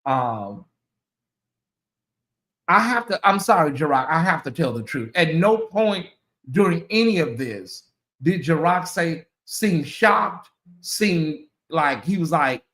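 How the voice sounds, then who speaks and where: The host of a commentary channel, a woman, chats informally with her audience, excitedly exclaiming and repeating phrases. She speaks slowly in a low-sitting voice, in an echoey room.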